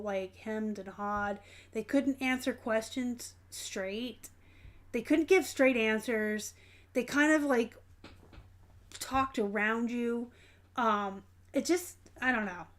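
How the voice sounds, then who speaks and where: Her voice is on the high side and fairly bright as she runs a relaxed live stream answering reselling questions. Reading out viewer comments, she talks candidly, full of ums and self-corrections.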